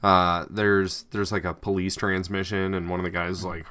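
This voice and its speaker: A man with a very low voice co-hosts a casual podcast chat. He wanders through his thoughts, filling gaps with "uh" and "like" and restarting his sentences. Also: flat delivery, normal speed, pushed and bright. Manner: rambling, hesitant with many fillers. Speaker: podcast co-host.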